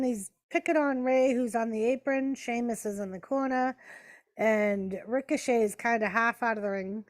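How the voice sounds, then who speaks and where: During a casual live-stream watch party, the host chats with viewers, calls what's happening and talks to her pets. Her voice is fairly high and her pace moderate.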